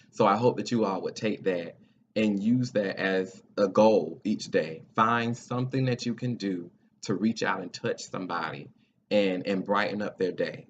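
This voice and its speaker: Earnest low-voiced man, lo-fi recording. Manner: earnest, encouraging, preacher-like. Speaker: podcast host. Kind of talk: heartfelt talk show monologue. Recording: dull lo-fi sound with faint noise.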